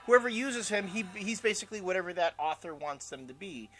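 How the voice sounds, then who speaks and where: A man's voice: high voice, lively intonation, brisk, a bit bright. A man co-hosting a casual chat show, opinionated and rambling, with lots of fillers. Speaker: co-host.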